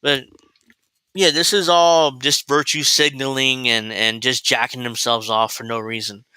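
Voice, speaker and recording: A man hosts a political commentary livestream in a blunt, rambling, profane way, mocking as he goes. His voice is very bright and cutting. The sound is close and dry. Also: mid-range voice, fairly even intonation, a little slow, clear, resonant tone, dry recording, rough recording. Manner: mocking, laughs at his own points. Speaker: commentary show host.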